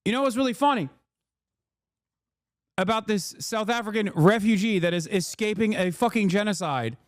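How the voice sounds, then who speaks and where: Male streamer, high voice, dry close sound, swears a lot, incredulous casual commentary. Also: a bit bright, dry recording. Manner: profane, incredulous and emphatic. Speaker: live streamer.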